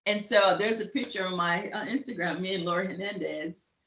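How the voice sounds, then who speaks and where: A woman guest in a casual chat, talking fast and animatedly as she tells a story. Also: fairly low pitch, a bit bright. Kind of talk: casual chat, telling an anecdote. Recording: roomy, slightly dull sound.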